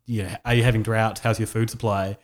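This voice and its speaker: A New man mimicking a pushy conspiracy show host, firing off quick questions. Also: on the low side, little pitch movement, natural voice. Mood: probing. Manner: quoting with mild mimicry, brisk questions.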